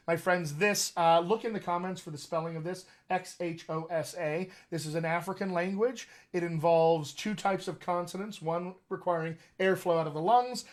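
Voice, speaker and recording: A man hosting a live accent Q&A as a dialect coach, teaching with emphatic enthusiasm. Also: a little high. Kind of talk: live Q&A session.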